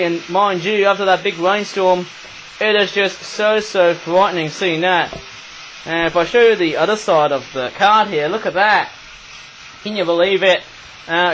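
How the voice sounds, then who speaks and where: A man vlogging as channel host, chatting excitedly with frequent tag questions while filming rain from indoors on a camera mic. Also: sits high, slight background noise, rough recording. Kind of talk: casual vlog narration.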